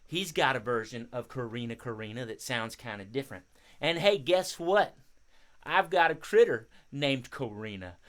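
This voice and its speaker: A man hosting a live children's music show, chatting casually and giving shout-outs to young viewers. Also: medium pitch, animated, normal speed. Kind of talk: casual live-stream chat for kids.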